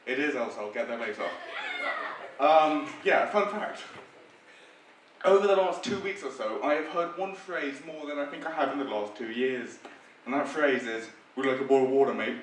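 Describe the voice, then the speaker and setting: A man's voice: a little high, lively intonation, normal speed, slight background noise. A young man from the UK with a British accent doing chatty, self-deprecating stand-up comedy on a theatre stage. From United Kingdom. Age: young adult. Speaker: staff comedian. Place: theatre stage before an audience. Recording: echoey theatre from far off.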